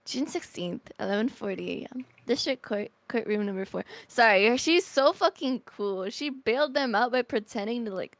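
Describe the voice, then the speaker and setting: A woman streamer chatting casually and excitably while playing a game. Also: a little high, normal speed, hardly any pauses. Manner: giggly, excitable. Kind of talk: casual let's-play commentary. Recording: faint game music behind.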